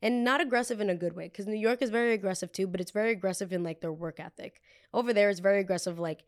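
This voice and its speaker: A blunt, animated young woman from New Jersey hosting a casual storytime podcast. She swears freely and acts out what other people said. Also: mid-range voice, fast. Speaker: podcast host.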